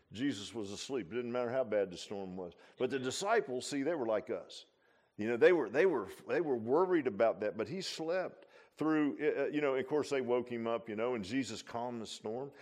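A man preaching an informal sermon as pastor, animated and folksy, tossing in laughs and rhetorical asides. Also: medium pitch.

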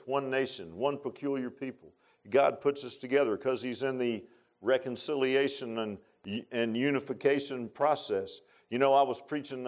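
A middle-aged man preaching a sermon in a folksy, repetitive way, rising to loud, emphatic bursts. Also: mid-range voice. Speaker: pastor.

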